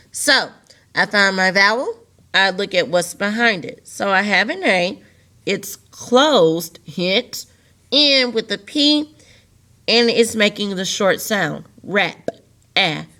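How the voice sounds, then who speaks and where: A woman's voice: mid-range voice, expressive, a little slow, sharp tone. A woman teacher walking young students through a recorded video lesson, repeating key words patiently and stressing them in a sing-song way.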